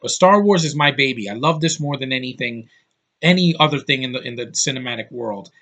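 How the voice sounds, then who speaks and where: Exasperated man ranting, bright and tense. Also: mid-range voice, lively intonation, fairly quick. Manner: frustrated, blunt, swearing, exasperated. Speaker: YouTube vlogger. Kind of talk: angry opinion rant.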